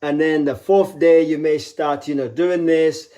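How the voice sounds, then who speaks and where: A middle-aged man delivers a live motivational talk, his voice a touch high yet warm and mellow. He hammers his points home through repetition and slips into playful voiced asides. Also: steady tone, unhurried. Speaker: motivational speaker.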